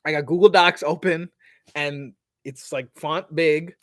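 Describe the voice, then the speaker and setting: A man's voice: on the high side, measured pace, no room sound. Slangy male livestream host, dry sound. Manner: slangy, animated, trails off. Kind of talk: casual livestream Q&A. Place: outdoors by parked cars.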